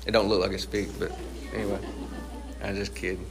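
A middle-aged man preaching a sermon as pastor. He is emphatic, asks the congregation questions and answers them himself, and draws out key phrases slowly for weight. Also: lowish voice, little pitch movement.

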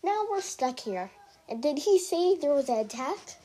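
A woman's voice: high-pitched, sing-song, unhurried, mellow. A woman voicing a frightened girl who complains in a raised, worried voice.

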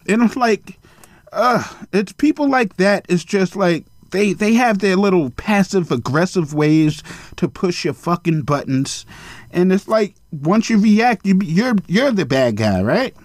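Blunt, high-voiced man ranting on a podcast. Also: lively intonation, measured pace, no echo. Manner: blunt, profane, rambling; mocking high-pitched impressions of others. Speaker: podcast host. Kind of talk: casual solo podcast monologue.

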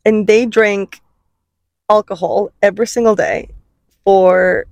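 A woman's voice: medium pitch, steady tone, slow, creaky, a little mellow, no room sound, highs cut off. A woman co-hosting a podcast in casual chat, playful and teasing, laughing often. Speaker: podcast co-host.

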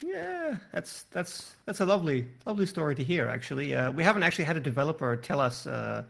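A male podcast host with a noticeably gravelly, fry-laden voice. He interviews a guest in a relaxed, casual way, pausing on fillers as he works out his questions. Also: on the high side.

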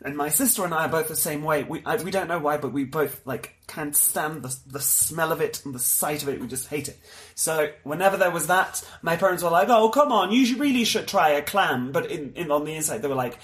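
A young man from Mexico chatting casually as a podcast co-host, animated and laughing often. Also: a little high, a little fast. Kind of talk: casual chat.

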